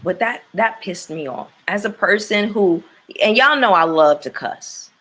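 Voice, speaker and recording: Bright-voiced woman ranting with heavy swearing. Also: mid-range voice, animated, a little slow. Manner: blunt, heavy swearing, opinionated. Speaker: host reacting to reality TV. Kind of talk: casual chat to viewers.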